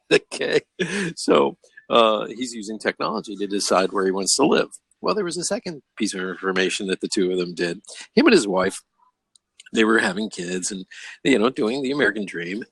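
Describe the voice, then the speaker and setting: A man's voice: fairly low pitch, moderate pace, creaky, husky, no room sound. An older man hosting a casual video-call discussion, telling stories and acting out the voices of the people in them. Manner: animated storyteller who acts out quoted voices. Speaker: host.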